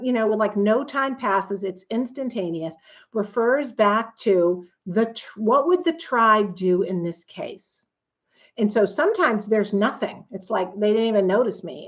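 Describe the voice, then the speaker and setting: A woman's voice: fairly high pitch, dull audio. A woman coach giving a conversational, earnest teaching talk, now and then acting out quoted voices. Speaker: coach and author.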